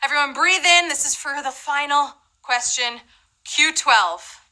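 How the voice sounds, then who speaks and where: A woman's voice: sits high, a little slow, sharp tone, poor audio. A woman hosting a live trivia game show, chatty and playful, with asides to the players.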